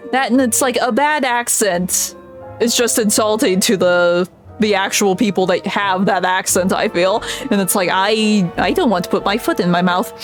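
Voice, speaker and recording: A woman streamer chatting casually while she plays a game, giggly and chatty, with frequent soft laughs. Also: mid-range voice, normal speed, faint music behind.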